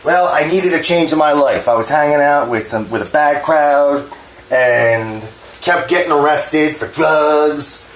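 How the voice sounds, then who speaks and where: A man's voice: fairly high pitch, a little slow. Rambling, cussing man from New Jersey. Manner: rambling, frank and profane, self-deprecating. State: hands shaking. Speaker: home cooking vlogger. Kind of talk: casual rambling cooking talk. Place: home kitchen. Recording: echoey kitchen with faint clatter.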